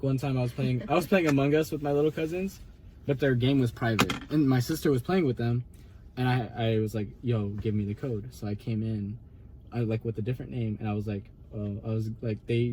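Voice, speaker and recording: A man's voice: mid-range voice, a little fast, noisy background. A young man, a podcast host, rambling through a story in casual chat and laughing often.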